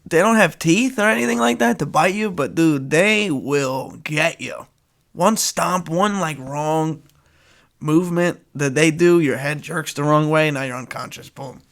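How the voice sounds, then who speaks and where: A man's voice: fairly high pitch, a little slow, gravelly, a bit bright. A young man with a nasal voice hosting a casual solo podcast, rambling and joking with frequent laughs. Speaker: podcast host.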